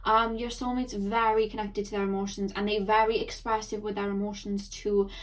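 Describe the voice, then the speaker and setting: A young woman giving a chatty tarot reading, rambling and excitable, talking quickly. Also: medium pitch, recorded from a distance. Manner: excitable, rambling, talks fast. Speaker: tarot reader. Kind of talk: chatty intuitive card reading.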